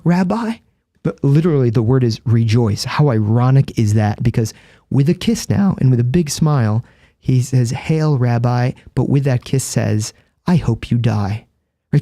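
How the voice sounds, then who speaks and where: A man's voice: medium pitch, warm tone, no echo. A man, a Catholic priest and guest, explaining in earnest, vivid storytelling with a close studio microphone. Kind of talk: conversational explanation.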